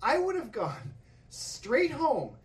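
A man telling a stand-up story on a comedy stage, swearing freely and acting out yelling coaches. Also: very high-pitched, slow pace, far from the mic. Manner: profane, animated, acts out coaches' yelling. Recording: echoey hall with crowd laughter, mic from afar. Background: audience laughing.

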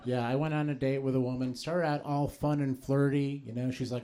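A man performing a stand-up comedy set on stage, telling conversational stories that build to quick punchlines. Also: mid-range voice, steady tone, dark tone. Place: comedy stage before a live audience. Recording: live set with audience laughter. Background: crowd laughing.

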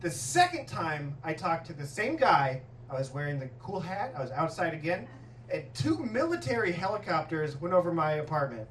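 Male stand-up comic, profane and animated, heard from a distance in a roomy club. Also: on the high side, moderate pace, a little hiss or hum. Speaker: stand-up comedian. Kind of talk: stand-up set. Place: comedy club stage. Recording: echoey club, distant mic, audience laughter.

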